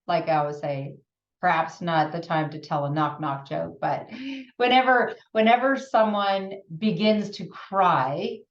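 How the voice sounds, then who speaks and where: A Canadian woman hosting a podcast, talking in a gentle, earnest way with frequent restarts and soft laughs. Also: lowish voice, unhurried. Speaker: podcast host. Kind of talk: reflective solo talk. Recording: roomy, distant, dull lo-fi sound.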